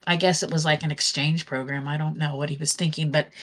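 Low-voiced woman telling a rambling story. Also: fairly even intonation, quick pace. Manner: rambling storyteller who acts out quoted dialogue. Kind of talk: casual conversation.

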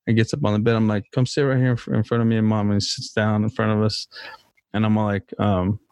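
A relaxed man chatting casually with a low-pitched voice, cursing freely as he tells family stories and acts out what everyone said. The recording is dry and close, with no room sound. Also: quick pace, clean tone, dry recording. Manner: laid-back, swears freely, acts out quotes in storytelling. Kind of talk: casual chat.

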